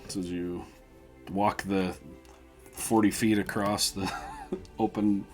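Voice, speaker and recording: A man with a low voice narrates a tabletop game at an unhurried pace. He is relaxed and laughs often while describing scenes, with faint music under him. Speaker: game master.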